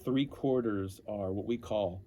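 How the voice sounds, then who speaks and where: A man telling stories as an interview guest, animated and often breaking off to restart his sentences. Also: lowish voice, measured pace. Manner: animated, self-interrupting storyteller. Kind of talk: casual storytelling.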